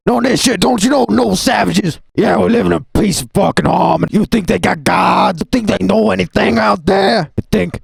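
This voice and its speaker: A man putting on a gravelly, foul-mouthed ranting nihilist. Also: high-pitched, no room sound, pitched above the performer's own voice, exaggerated voice. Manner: aggressive, profane, repeats himself.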